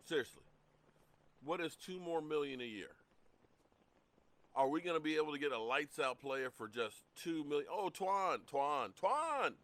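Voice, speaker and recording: A middle-aged man hosting a casual live sports talk stream, greeting chat viewers by name in an animated way. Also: fairly high pitch, slight background noise. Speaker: livestream sports show host.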